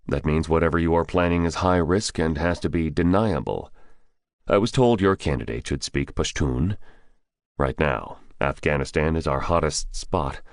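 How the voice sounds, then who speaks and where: A man playing a calm, terse ex-soldier. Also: deep voice, no room sound, studio quality. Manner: terse, clipped, respectful. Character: calm, terse male ex-Delta mercenary.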